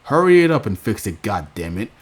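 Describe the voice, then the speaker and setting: A man's voice: fairly low pitch, very animated, fairly quick. A man putting on a whiny, furious young woman ranting online, in a mocking, exaggerated tantrum voice.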